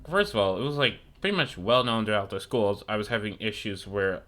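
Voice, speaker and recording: A man's voice: fairly low pitch, a little fast, a bit bright. Profane, rambling young man streamer. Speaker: gaming streamer. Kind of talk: casual chat while gaming.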